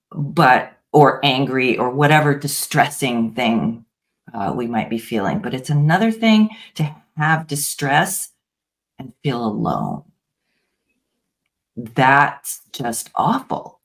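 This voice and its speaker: A female parts therapy practitioner, speaking as an interview guest, describes her method gently with many pauses and restarts. She has a bass voice with a sing-song quality.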